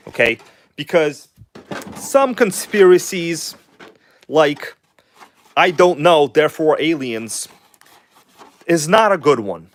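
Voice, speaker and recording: A man hosting a casual livestream while working on a model engine, chatting with viewers and shifting between an animated showman tone and quiet mumbled asides. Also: on the high side. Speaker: livestream host.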